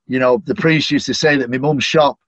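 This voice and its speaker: A man's voice: mid-range voice, fairly even intonation, fairly quick, dry recording. A middle-aged man from Manchester with a Mancunian accent, chatting casually in an interview and dropping in plenty of "you know" fillers. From Manchester, England. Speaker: stadium announcer, podcast guest.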